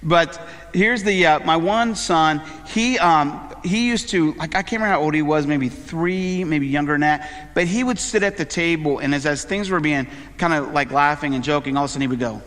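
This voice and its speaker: A man's voice: a little high, moderate pace, a bit bright, in a large hall. A middle-aged man, a pastor, preaching a conversational sermon full of fillers and personal asides. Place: church sanctuary.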